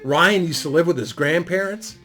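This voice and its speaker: A man's voice: fairly high pitch, normal speed, pushed and bright, soft background music. Rambling, profane middle-aged storyteller man. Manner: rambling, profane, laid-back delivery with frequent fillers. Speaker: YouTube storyteller. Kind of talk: casual storytime monologue.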